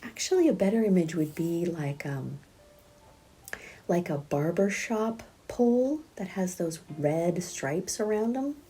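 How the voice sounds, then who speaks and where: A middle-aged woman teaching a prenatal yoga class, speaking gently and softly, often half-whispered, and counting breaths aloud. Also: lowish voice, expressive, measured pace, husky. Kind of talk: guided yoga class instruction.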